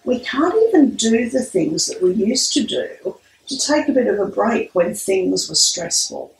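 A woman priest giving a sermon with a measured, storytelling delivery. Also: a little high. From Australia. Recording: echoey room, mic at a distance.

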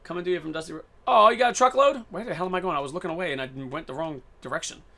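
A man live-streaming a shooter, talking in a casual and playful way as he narrates each moment. His tone is bright and a little edgy, and he jumps from excited outbursts to easy chatter with viewers. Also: on the high side, very fast, gravelly. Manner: excitable, playful, jokey running commentary. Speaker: game streamer.

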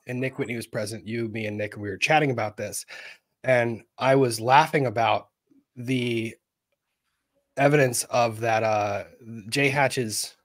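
A man's voice: medium pitch, steady tone, measured pace, no echo. A man hosting an interview, retelling a story in a rambling, chatty way and laughing as he talks. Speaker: interview host. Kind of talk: conversational interview.

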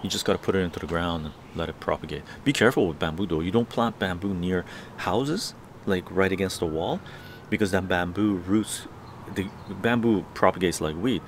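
A man's voice: sits low, a little fast, slight background noise. A man from Canada hosting a casual live stream from an outdoor patio garden, rambling and tagging his sentences with "right?". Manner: rambling, tag questions like "right?". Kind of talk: casual chat.

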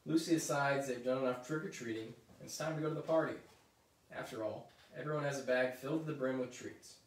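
A man reading a children's book aloud at a middle pitch, adding chatty asides as he goes. The room echoes, and he sits back from the mic. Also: a little fast. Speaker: story reader. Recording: roomy echo, mic at a distance.

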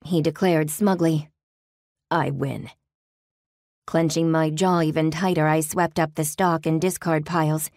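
A woman narrating an audiobook in the first person, in a measured, even storytelling manner. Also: sits low, no echo, studio quality. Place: recording booth. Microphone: close studio mic.

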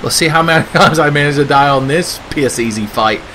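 A man's voice: fairly high pitch, fairly quick, sharp tone, a little hiss or hum. A man doing sarcastic, profane comedic commentary over gameplay, ranting and putting on silly voices. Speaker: gaming video host.

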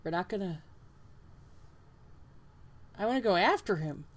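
A woman hosting a let's play, commenting on a game in an excitable way, laughing often and swearing in surprise. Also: on the low side, a little slow. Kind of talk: gameplay commentary.

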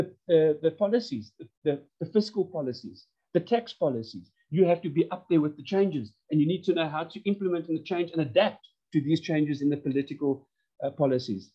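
A man teaching an online course from home, talking in an animated, emphatic way and often repeating himself. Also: fairly high pitch, moderate pace, husky, highs cut off. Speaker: course instructor. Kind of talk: online lecture. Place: home lounge.

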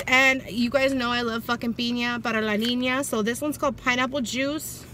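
A woman's voice: fairly high pitch, fairly even intonation, normal speed, pushed and bright. A young woman, chatting casually and bluntly through a shopping haul vlog with heavy swearing. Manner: profane, blunt and loose. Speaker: vlogger. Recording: faint background noise.

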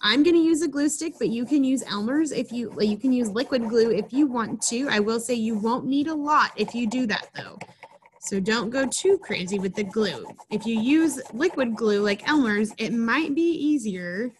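A woman's voice: a little high, expressive, normal speed. A woman presenting a children's program, reading a picture book aloud and then walking children through a craft in a chatty, instructive way. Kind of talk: storybook reading and craft lesson.

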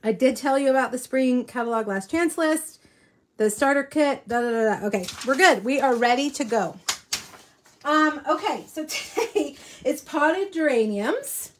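A woman's voice: high-pitched, normal speed, slight background noise. A woman hosting a weekly live crafting show, chatting casually and rambling with many ums and restarts. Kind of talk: casual live-stream chat. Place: home in South Texas.

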